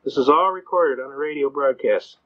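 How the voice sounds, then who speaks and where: A man giving a lecture on legal rights, telling stories in a fast, folksy and blunt way. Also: medium pitch. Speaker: constitutional law lecturer. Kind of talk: storytelling seminar talk. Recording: dull lo-fi recording.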